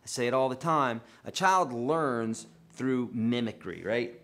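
A man leading a live guitar lesson, easygoing and talkative. He wanders off on tangents and then jumps up with sudden animated bursts. His voice sits at an ordinary middle pitch for a man. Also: a little slow. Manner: chatty, rambling, animated with sudden high outbursts. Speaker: guitar teacher. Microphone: livestream microphone.

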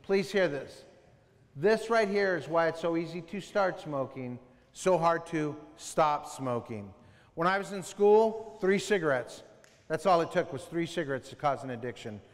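A man speaking to a school assembly, telling animated stories, acting out scenes and yelling as he mimics himself and his son. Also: a little high, normal speed, big-room sound. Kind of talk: animated motivational storytelling. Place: school auditorium.

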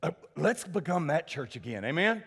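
A male pastor preaching a sermon in a church sanctuary, animated, calling for responses and addressing people by name. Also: on the high side, moderate pace, creaky, slightly rough.

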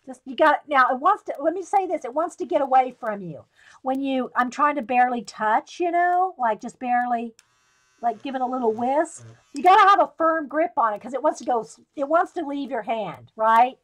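A woman's voice: high voice, animated, moderate pace, a bit bright. Chatty woman demonstrating coloring live. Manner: chatty, giggles often, greets viewers by name. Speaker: coloring tutorial livestream host.

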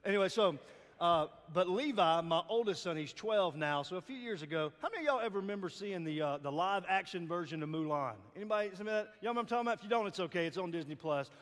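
A man in his forties with a Southern US accent, giving a playful, lively chapel sermon as guest speaker, joking and calling out to the crowd. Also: sits high, fast. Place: large hall. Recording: long hall reverb.

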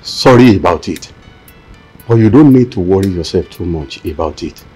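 A man's voice: sits low, animated, moderate pace, warm tone, husky, soft background music. An actor playing a self-absorbed church leader who is pompous and dismissive toward his son-in-law's grief, in a Christian film drama. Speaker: father-in-law, a church leader.

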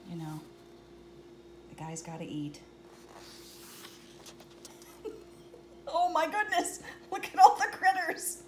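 A woman's voice: high voice, roomy sound, a little hiss or hum. A woman reading a picture book aloud, giggling often and adding chatty asides between pages.

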